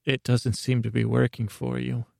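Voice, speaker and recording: A man's voice: medium pitch, completely flat delivery, moderate pace, creaky, warm tone, no room sound, clean studio sound. A man voicing a blunt, skeptical old grandmother with curt, disapproving retorts in an improvised comedy bit. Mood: grumpy.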